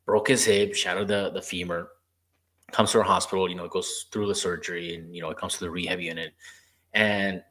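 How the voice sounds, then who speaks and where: A man's voice: sits low, fairly even intonation, a little fast, fairly bright tone. A man hosting a podcast interview, chatting casually and telling stories from his years as a rehab therapist, acting out the dialogue as he goes. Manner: storytelling, acting out quoted dialogue. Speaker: podcast host.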